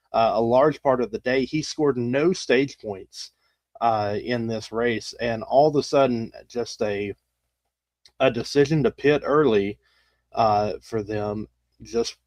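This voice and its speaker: A man hosting a racing podcast, speaking haltingly with frequent fillers. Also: medium pitch, darkish tone, no echo. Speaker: podcast host. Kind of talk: casual chat.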